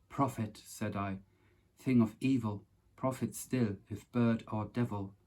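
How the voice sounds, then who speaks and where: Man reciting verse from memory, low and husky, declamatory. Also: steady tone, takes it slowly, a little mellow. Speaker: poetry reciter.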